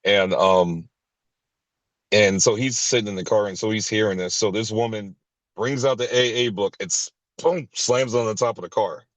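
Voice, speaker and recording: This man speaks at a moderate pace, sharing a personal story at a recovery meeting with blunt, profane candor. He frequently restarts his sentences, gives short laughs, and voices other people with sudden pitch jumps. The recording is dry and low quality.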